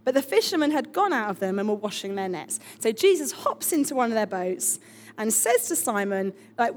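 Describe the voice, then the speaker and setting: A woman pastor preaching a lively, chatty sermon with emphatic asides. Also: fairly high pitch, moderate pace, a little hiss or hum.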